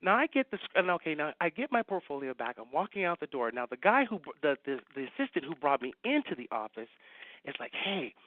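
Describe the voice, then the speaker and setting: A man, a science fiction writer, telling an animated anecdote as a guest and acting out the people he quotes. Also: on the high side, fast, narrow, tinny audio, a little hiss or hum. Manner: lively storyteller acting out quoted voices.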